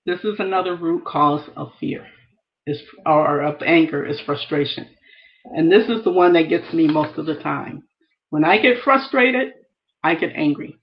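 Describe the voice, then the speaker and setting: A woman's voice: deep voice, moderate pace, lo-fi sound. Earnest woman teaching scripture. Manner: earnest, reads scripture aloud, repeats phrases. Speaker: Bible teacher. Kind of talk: devotional teaching.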